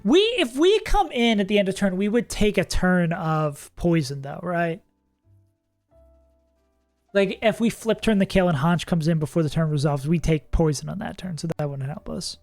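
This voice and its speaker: A streamer in casual livestream commentary, thinking aloud about game strategy, chatty and quick to laugh. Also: mid-range voice, animated, darkish tone, no echo, faint music behind.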